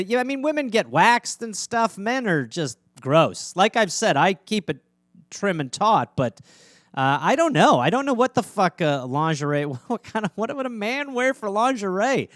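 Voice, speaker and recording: A man's voice: high-pitched, fairly bright tone, no echo, studio quality. A man hosting a comedy podcast, riffing alone in a rambling, sarcastic, mock-outraged way. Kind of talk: solo comedic riffing monologue.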